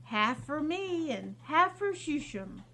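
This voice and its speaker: An actress playing a gentle, cheerful mother who speaks sweetly and patiently. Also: sits high, big pitch swings, slow, slight background noise, exaggerated voice. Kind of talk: drama scene.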